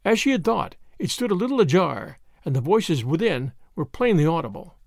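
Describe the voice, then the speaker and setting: A man reading a novel aloud as an audiobook narrator with expressive storytelling. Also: on the high side, moderate pace, creaky, no room sound, clean studio sound. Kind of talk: scripted narration.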